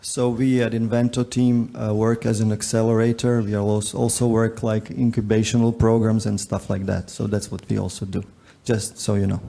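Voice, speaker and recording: A man moderating a conference panel in a relaxed, joking way, with frequent fillers. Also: on the low side, moderate pace, vocal fry. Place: conference stage.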